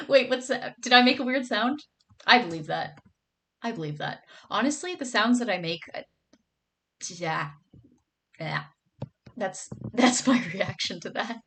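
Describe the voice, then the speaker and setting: A woman's voice: fairly high pitch, animated, slow, long pauses, a bit bright. A young woman streaming, chatting casually with her viewers and reading their comments aloud, gushing and bubbly, with lots of "like" and "oh my god".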